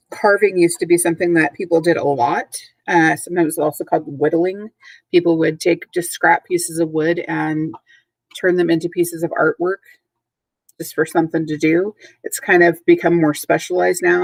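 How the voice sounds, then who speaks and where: A woman teaching a recorded vocabulary lesson to third graders, speaking clearly and spelling words out letter by letter. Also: lowish voice, dry recording, low-quality recording.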